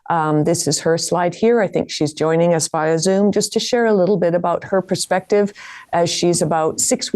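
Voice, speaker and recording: A woman's voice: fairly low pitch, a little mellow, no room sound, clean studio sound. A woman hosting a webinar, politely introducing a guest speaker. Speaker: webinar host.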